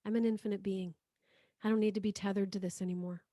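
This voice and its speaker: A woman as a spiritual healing teacher, leading a guided prayer in a soft, slow voice and repeating phrases for listeners to say after her. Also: mid-range voice, little pitch movement, no echo, studio quality.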